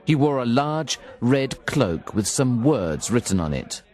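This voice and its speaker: Slow, expressive male storyteller. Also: medium pitch. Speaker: audiobook narrator. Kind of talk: scripted narration.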